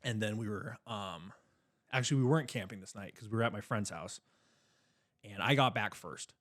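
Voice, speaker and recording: Animated young man telling a story. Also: on the low side, normal speed. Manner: animated storyteller, swears freely, acts out quoted voices. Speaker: podcast co-host. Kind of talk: casual storytelling chat.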